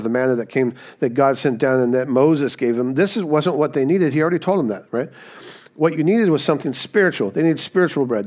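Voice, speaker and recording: A man's voice: mid-range voice, darkish tone. A man preaching a conversational sermon, often checking in with "right?". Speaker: pastor. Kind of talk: sermon teaching.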